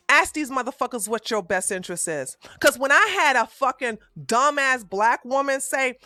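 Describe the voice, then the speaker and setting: A woman streamer rants with fiery, profane heat in live-stream commentary from a home streaming setup. Her voice is bright and sits high, with a lively, wide-ranging pitch. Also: moderate pace, few pauses, no room sound, clean studio sound.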